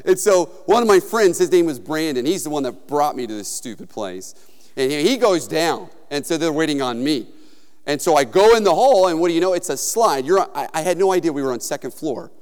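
A male pastor preaching a sermon in a relaxed, conversational manner, telling stories with frequent fillers. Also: fairly high pitch, fairly quick, clear, resonant tone, long reverb tail.

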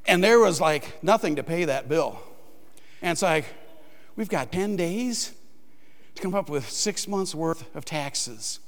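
High-voiced man preaching in a reverberant hall. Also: a little slow. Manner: animated, acts out his own panicked voice in quotes. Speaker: pastor. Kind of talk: sermon with humorous storytelling.

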